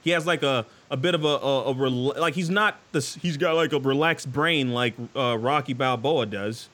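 Bright-voiced, excitable male podcast host. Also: medium pitch, normal speed. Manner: excitable, joking, stumbling restarts. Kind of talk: casual live show chat. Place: studio.

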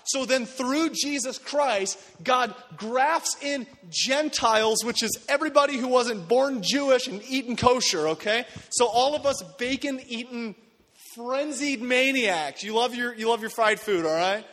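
A man pastor preaching a sermon in a church, animated and conversational, acting out quotes as he goes. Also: extremely high pitch, unhurried, big-room sound. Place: church sanctuary.

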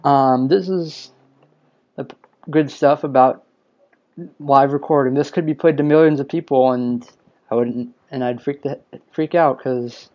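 Slow-talking guy rambling on his own podcast, kinda sleepy, muffled lo-fi sound. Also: mid-range voice, fairly even intonation. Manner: rambling, self-deprecating. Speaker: podcast host. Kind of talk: casual solo live podcast. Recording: lo-fi dull audio.

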